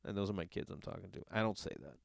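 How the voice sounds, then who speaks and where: A middle-aged man ranting in a casual monologue, swearing often and jumping between loud outbursts and muttered asides. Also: deep voice, racing, gravelly, dry recording, clean studio sound. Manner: ranting, profane, animated. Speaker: podcast host. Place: Los Angeles.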